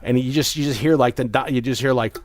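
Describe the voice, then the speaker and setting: Casting: young male podcast host, rambling storyteller, mid pitch, dry close sound. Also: fairly even intonation, fast, no room sound. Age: young adult. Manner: rambling storyteller with many restarts. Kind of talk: casual chat.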